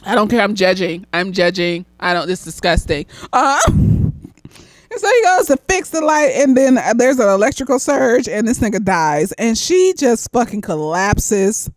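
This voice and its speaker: A slightly tipsy woman therapist chats through a film review, blunt and profane, breaking into laughter often. Her voice sits at an ordinary middle pitch. The sound is dry and close. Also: expressive, moderate pace, dry recording. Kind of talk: casual spoken review.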